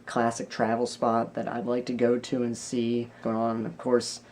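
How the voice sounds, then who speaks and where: A man's voice: medium pitch, completely flat delivery, moderate pace, darkish tone, slight background noise. A young man talking casually in a vlog, rambling loosely, with restarts and trailing thoughts. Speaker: vlogger.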